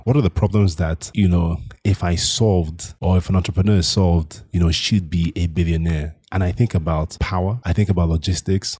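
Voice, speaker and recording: A man who is a company founder, answering podcast interview questions in a measured, reflective way, often restarting his sentences. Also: low voice, dark tone, slightly rough, no echo, studio quality. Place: Nigeria.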